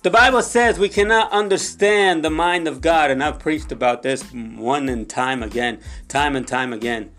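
A young man with a slightly high voice preaches with fervor, hammering repeated phrases at his listeners. Now and then he sinks into a soft, hushed prayer. Faint music plays underneath. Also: moderate pace, few pauses. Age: young adult. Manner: impassioned, repeats phrases, addresses audience often; drops to soft low prayer in Spanish. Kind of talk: sermon.

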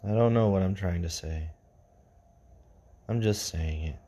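A man hosting an unscripted podcast, reading stories and musing casually, his voice sinking low and quiet at the ends of phrases. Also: a little slow, slightly rough. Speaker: podcast host.

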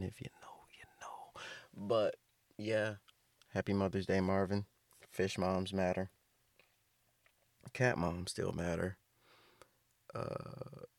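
A man's voice: lowish voice, no echo. A man delivering a rambling, profane comedic rant, riffing loosely and restarting his sentences. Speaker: comedic host.

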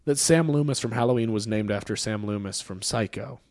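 A man with a somewhat low voice chats casually as a podcast co-host, full of fillers and restarts. He perks up when he makes a point. The sound is dry and close, with no room around it. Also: a little fast, darkish tone, dry recording. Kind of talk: casual chat.

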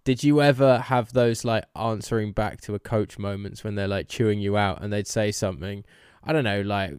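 A man's voice: on the low side, a little mellow, smooth, dry recording, clean studio sound. A man hosting a podcast, asking long, winding questions and laughing often. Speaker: podcast host. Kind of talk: casual interview chat.

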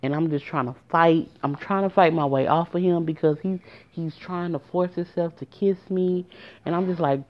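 A woman tells a personal story in a casual, emotional way and speaks straight to her listeners. Her voice sits low. The recording sounds muffled and lo-fi. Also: moderate pace. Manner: emotional, addresses listeners directly.

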